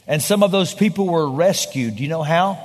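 A man preaching a sermon as pastor, swinging between loud emphatic lines and hushed, slow ones. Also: a little high. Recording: large hall with long reverb.

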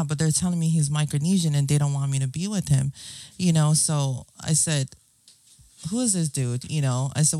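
A woman's voice: sits low, warm tone, no echo. Earnest woman from Guam, dry sound. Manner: earnest, repeats "you know what I'm saying". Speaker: guest. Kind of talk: casual interview talk.

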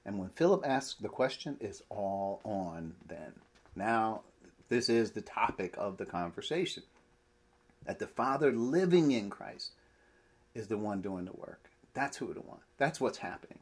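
A man preaching a sermon, animated and full of rhetorical questions. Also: lowish voice, unhurried, slightly rough. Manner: animated, rhetorical questions, laughs mid-phrase.

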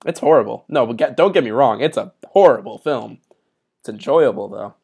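A man's voice: medium pitch, lively intonation, creaky, a little mellow, breathy edge. A young man hosts a podcast in easy, casual chat. He teases the others and laughs often, keeping things light. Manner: playful, quick to laugh. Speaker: podcast host.

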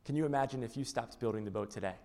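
A male pastor preaching a sermon, animated, acting out little scenes and quotes. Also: mid-range voice, very fast, gravelly. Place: large church auditorium. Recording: long reverb of a large church.

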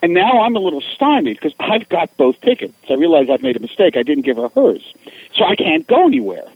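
Middle-aged male guest, animated raconteur, slightly high voice, lo-fi radio audio. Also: fairly quick, slightly rough, dry recording. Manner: animated, acts out voices in anecdotes. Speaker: guest, author. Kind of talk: casual storytelling.

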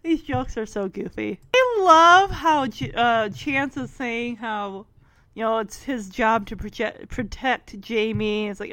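A woman with a fairly high voice talks through a film in casual commentary, giggling between lines and retelling scenes with lively enthusiasm. Her voice sounds close and dry, with no room around it. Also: a little slow, no room sound. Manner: giggly, animated retelling with frequent laughter. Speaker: movie recap commentator.

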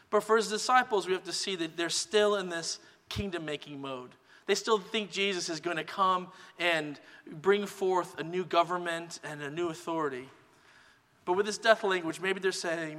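A man preaching a sermon as pastor, in a relaxed conversational teaching manner. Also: high voice, normal speed, big-room sound. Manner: relaxed conversational teaching, many "kind of" hedges.

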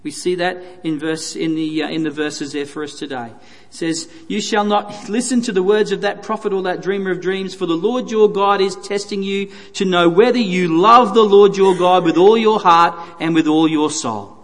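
High-voiced man preaching in a reverberant hall. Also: fairly even intonation, normal speed. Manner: earnest, emphatic preaching with repeated phrases. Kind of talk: sermon.

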